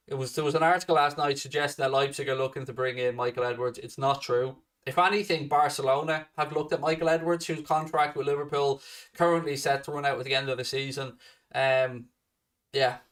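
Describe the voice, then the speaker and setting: A man's voice: mid-range voice, a bit bright, distant mic. A man hosting a fan channel, answering viewer questions in a blunt, sweary, casual chat.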